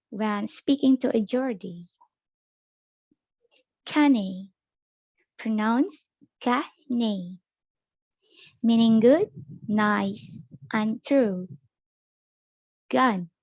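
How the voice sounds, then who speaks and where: A young woman student reading an educational narration slowly and carefully. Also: on the high side, creaky, a little mellow, dry recording, dull audio. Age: young adult. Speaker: student presenter. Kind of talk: read-aloud educational narration.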